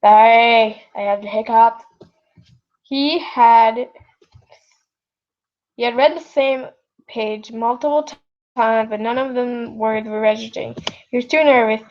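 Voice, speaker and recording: Casting: a woman with a high voice reading fan fiction slowly, chatty, self-interrupting, on a lo-fi built-in mic. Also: fairly even intonation. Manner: rambling, self-interrupting, apologetic. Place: home, late at night. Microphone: built-in device mic, no proper microphone. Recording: lo-fi device mic recording.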